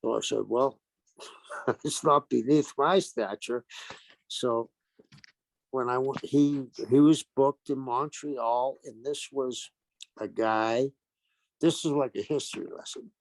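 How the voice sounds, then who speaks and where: Speaking slowly and pausing often, an older retired pro wrestler tells stories as an interview guest. His mid-pitched voice is gravelly with vocal fry, and he animates each anecdote by acting out what people said. The recording is dry and close, with no room around it.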